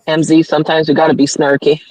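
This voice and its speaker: A woman's voice: deep voice, level tone, moderate pace, darkish tone, no echo, poor audio. A woman hosting a casual livestream, reading viewer comments aloud and laughing often at herself. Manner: laughs often, self-mocking. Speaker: livestream host.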